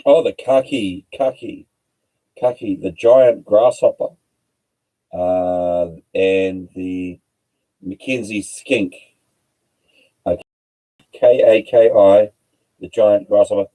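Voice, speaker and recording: A man hosting a casual livestream, rambling and halting, stumbling over hard words and spelling them out letter by letter. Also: on the low side, mellow, poor audio. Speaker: livestream host.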